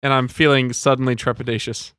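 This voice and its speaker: Bright, crisp-voiced joking podcast man. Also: mid-range voice, little pitch movement, fairly quick, no echo, studio quality. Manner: playful, joking banter. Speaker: podcast co-host. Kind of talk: casual chat.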